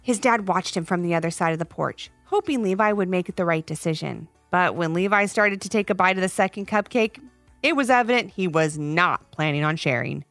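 A woman narrating a children's story podcast in an expressive read-aloud manner. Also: fairly low pitch, brisk, no echo, faint music behind.

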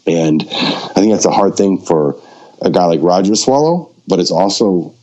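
A man, a filmmaker, telling a long anecdote in a casual conversation and acting out the dialogue with lively shifts in his voice. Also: low voice, normal speed. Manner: animated storyteller who acts out quoted dialogue; frequent fillers and restarts. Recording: dull lo-fi recording.

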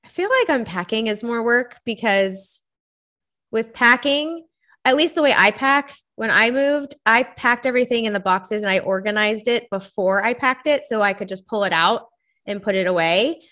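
A woman's voice: fairly high pitch, expressive, sharp tone. A woman hosting a podcast, chatting in a bubbly, talkative way with a guest. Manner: bubbly, chatty, quick laughs. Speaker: podcast host. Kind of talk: casual interview chat.

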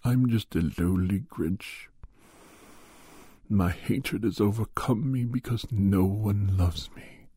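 A man voicing a lonely, self-pitying male Grinch who repents, speaking slowly and mournfully. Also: fairly low pitch, dark tone, slightly rough, no echo, clean studio sound.

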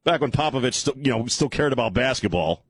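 Husky ranting talk radio man. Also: medium pitch, expressive, fast, no room sound. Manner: irreverent, ranting, often laughing. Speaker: radio talk show host.

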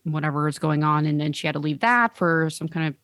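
A woman's voice: low-pitched, fast talker, fairly bright tone, no room sound. A woman co-hosting a podcast, chatting casually with fillers and laughs as she reads listener mail. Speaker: podcast co-host. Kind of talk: casual chat.

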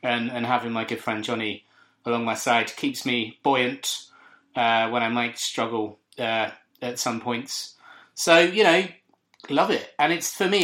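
A man's voice: mid-range voice, bright, forceful tone. A man co-hosting a podcast in casual chat, teasing and chatty, often stumbling over his words. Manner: chatty, teasing, hesitant restarts. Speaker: podcast co-host.

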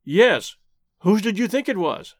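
A man's voice: high-pitched, lively intonation, measured pace, no echo, clean studio sound. Tarzan, a man playing a proud jungle hero. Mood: intense. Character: strong, proud jungle man, intense and direct. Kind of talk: audiobook character voice.

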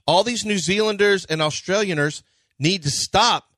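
A man with a high, sharp-edged voice rants in jest with put-on outrage during radio banter. He is close to the studio mic, and the sound is dry and tight. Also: normal speed, no echo. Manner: mock-outraged, ranting in jest. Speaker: sports radio co-host.

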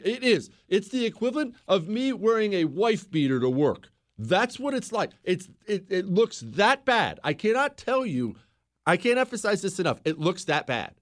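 A man hosting a talk show, ranting sarcastically and with emphasis. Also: high voice. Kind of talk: opinionated radio talk.

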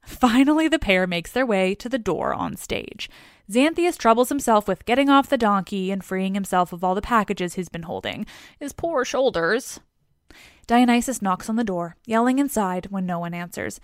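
A woman's voice: medium pitch, animated, normal speed, no room sound, studio quality. A woman retelling a story in a chatty, casual way with wry asides.

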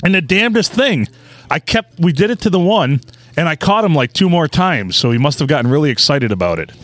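A man's voice: a little high, very animated, fairly quick, a bit bright. A man in his forties co-hosting a podcast, telling crude, rambling stories in casual chat. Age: 40s. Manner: rambling, laughing storyteller. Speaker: podcast co-host.

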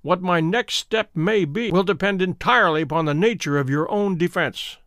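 A man voicing a cool, precise, commanding detective in a dramatic audiobook reading, calm, measured and authoritative. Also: high voice, dry recording, clean studio sound. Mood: stern.

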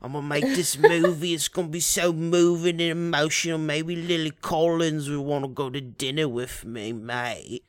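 A man's voice: fairly high pitch, fairly even intonation, moderate pace, few pauses, no echo, natural voice. A man doing a mocking impression of a smug, pretentious young British filmmaker in a put-on British accent. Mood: sneering. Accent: mock British. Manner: mocking, sneering parody.

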